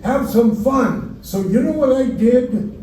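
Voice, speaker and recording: A man's voice: extremely high pitch, slow pace, a little hiss or hum. Older man doing wry stand-up. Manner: wry, self-mocking, deadpan punchlines. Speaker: stand-up comedian. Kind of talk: stand-up comedy set. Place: comedy club stage. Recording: roomy club audio from far off. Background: laughing crowd.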